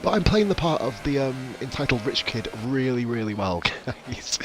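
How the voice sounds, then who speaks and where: A man's voice: mid-range voice, lively intonation, normal speed, music in the background. A man streaming a racing game, chatting with viewers in profane, jokey banter. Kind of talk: casual live-stream commentary.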